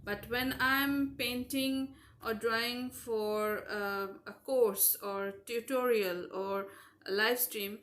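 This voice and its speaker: A woman's voice: fairly high pitch, steady tone, slow pace, fairly bright tone. A young woman from Southeast Asia chatting frankly and at length while she paints on a live stream. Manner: rambling and frank. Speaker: digital artist streaming live. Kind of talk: casual chat while painting.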